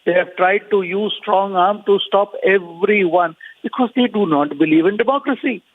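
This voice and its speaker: A man's voice: high voice, moderate pace, a little hiss or hum. A man arguing as an opposition party leader in a TV debate, firing rhetorical questions with frequent filler sounds. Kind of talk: remote debate panelist. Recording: phone-like remote line.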